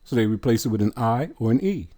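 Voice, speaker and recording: A man teaching scripture line by line, deliberate and insistent, sounding out words syllable by syllable and asking rhetorical questions. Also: mid-range voice, lively intonation, warm tone. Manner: earnest and insistent. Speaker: bible teacher.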